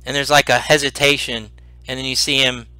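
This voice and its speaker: A man narrating a tabletop role-playing game as game master, animated and full of restarts. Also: medium pitch, a little fast, dry recording, rough recording. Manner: animated, repeats words and restarts.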